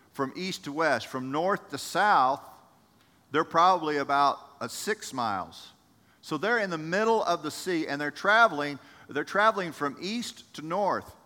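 Bright-voiced male pastor in a reverberant hall. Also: mid-range voice. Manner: animated storytelling, rising with emphasis, addresses congregation by name. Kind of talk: sermon.

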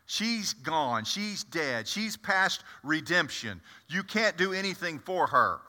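A man's voice: fairly high pitch, big pitch swings, slow, bright, forceful tone, exaggerated voice. A man playing blunt, impetuous apostle Peter. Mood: storytelling. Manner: chatty, confiding asides to the audience. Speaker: preacher performing a first-person monologue. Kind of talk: dramatic first-person monologue. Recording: echoey hall.

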